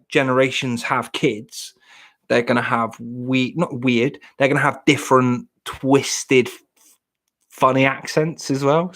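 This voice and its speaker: A man, chatting casually on a live stream, joking and rambling as he answers viewers in the chat. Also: medium pitch. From England.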